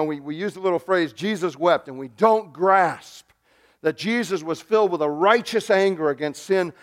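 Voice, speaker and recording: A man delivering a sermon with dramatic swings, dropping to hushed, almost whispered lines and then rising to loud, emphatic calls. His voice sits a little high for a man. He retells scripture with vivid, heartfelt emphasis. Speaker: pastor.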